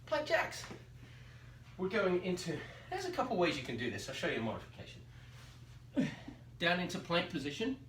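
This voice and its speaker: A man's voice: sits high, very animated, brisk, fairly bright tone. A man teaching phys ed, demonstrating exercises and counting reps aloud while out of breath. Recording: roomy echo, distant mic, faint background noise.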